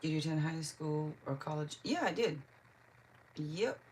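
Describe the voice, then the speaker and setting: A woman's voice: sits low, a little slow, darkish tone, slight background noise. A woman from Seattle, a tarot reader on a live stream, chatting casually and answering viewers' comments one by one. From Seattle, Washington. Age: adult.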